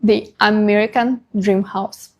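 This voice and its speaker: A woman reading a scripted narration for a video in a measured way. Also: medium pitch, fairly even intonation, a little mellow, muffled recording.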